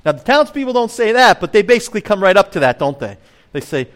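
Animated man preaching a sermon. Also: high voice, fast talker. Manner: conversational, animated preaching with rhetorical questions. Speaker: pastor.

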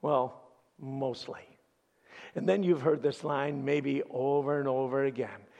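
A male pastor preaching a sermon as an animated storyteller with dramatic pauses. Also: medium pitch, creaky, lo-fi sound.

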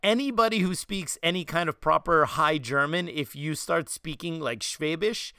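New York guy, podcast host, animated storyteller, a bit higher voice, dry studio sound. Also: normal speed, clean tone, no room sound. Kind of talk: casual chat.

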